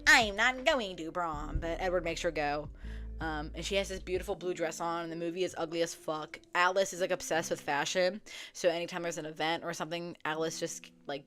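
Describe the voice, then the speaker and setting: A woman's voice: lowish voice, fast talker. A young woman casually retelling a book story from memory, swearing freely and acting out the characters' lines. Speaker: book vlogger. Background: soft background music.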